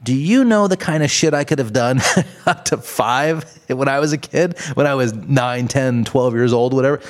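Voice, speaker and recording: A man with a mid-range voice and a moderate pace hosts a podcast. His casual, comedic ranting is exaggerated and profane, and he keeps laughing at his own jokes.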